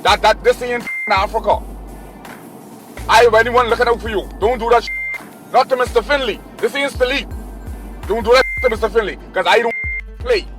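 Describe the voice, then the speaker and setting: A man's voice: very high voice, brisk, long pauses, music in the background. A man, a traveling artist, insistently scolding and repeating himself in a heated argument inside a moving car.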